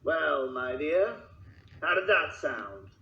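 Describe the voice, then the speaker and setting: A man's voice: on the high side, big pitch swings, slow pace, vocal fry, pushed and bright, reverberant, lo-fi sound, heavily acted. A man voicing a pompous, fussy older railway boss in a fan parody dub, with a plummy, theatrical delivery. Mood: smug.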